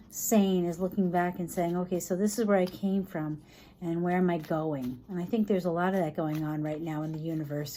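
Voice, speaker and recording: A woman giving a casual tarot reading, thinking aloud in a chatty, tired way, sometimes dropping low and soft. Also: slight background noise. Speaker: tarot reader.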